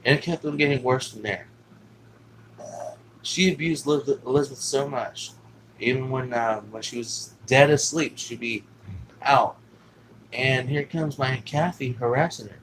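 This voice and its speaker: A man's voice: mid-range voice, measured pace, long pauses, fairly bright tone, a little hiss or hum, poor audio. A man telling a personal story in a casual, rambling way, swearing often and filling gaps with "you know what I'm saying.". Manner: rambling, profane, with many fillers.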